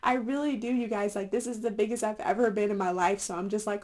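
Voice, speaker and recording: Young woman vlogger, casual and chatty, quick to laugh, mid-range voice. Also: medium pitch, steady tone, a little mellow. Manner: chatty, laughs often, many fillers. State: a little winded. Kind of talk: casual chat to camera.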